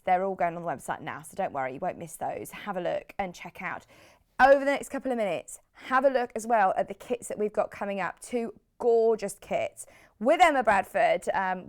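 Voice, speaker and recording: A British woman hosting a live TV shopping show, chatty and rambling, with lots of asides. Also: medium pitch. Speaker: shopping channel host.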